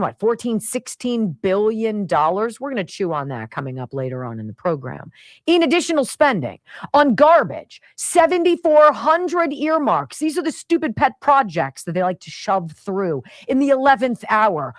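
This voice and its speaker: Lively, sarcastic radio host woman. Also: mid-range voice, no echo. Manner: animated, sarcastic, laughs often. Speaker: radio talk show host. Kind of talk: opinionated radio talk.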